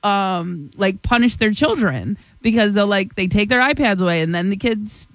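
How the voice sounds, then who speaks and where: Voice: mid-range voice, expressive, normal speed, fairly bright tone, no echo, low-quality recording. A speaker in casual chat, chiming in with opinions in loose, run-on sentences.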